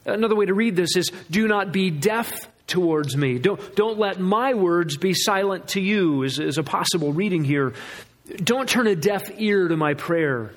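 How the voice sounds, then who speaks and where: High-voiced man preaching earnestly. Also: animated, normal speed. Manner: earnest, emphatic preaching with repeated restarts. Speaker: pastor. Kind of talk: sermon.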